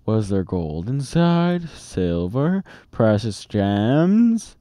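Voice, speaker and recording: A man reading a children's book aloud in a steady, expressive storytelling manner, close to the mic. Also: mid-range voice, slow, hardly any pauses, clean tone, dry recording. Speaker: storybook reader.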